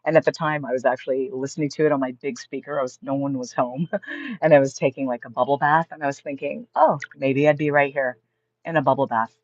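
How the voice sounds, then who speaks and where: Motivational live-stream host, mid-pitched, chatty and encouraging; close, dry, slightly lo-fi home recording. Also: steady tone, brisk, dry recording. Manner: upbeat, reads viewer comments aloud and answers them. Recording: slightly dull lo-fi stream audio.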